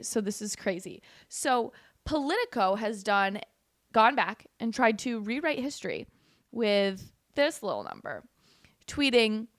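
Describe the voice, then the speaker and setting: A woman's voice: medium pitch, fairly bright tone, dry recording, studio quality. A young woman from Canada, guest hosting a casual political commentary livestream in a sarcastic, giggly, chatty way and talking to viewers in the chat. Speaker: guest host.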